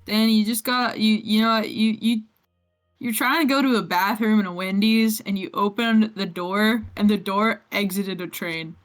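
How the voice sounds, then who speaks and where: A woman's voice: mid-range voice, fairly even intonation, moderate pace, soft background music. A woman narrating a tabletop game as game master, playful and teasing the players.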